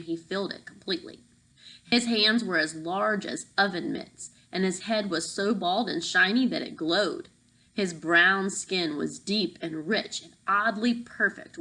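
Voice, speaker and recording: A woman narrating a children's novel aloud, reading lively and voicing the characters. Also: mid-range voice, a little slow, low-quality recording. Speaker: audiobook narrator. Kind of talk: storybook narration.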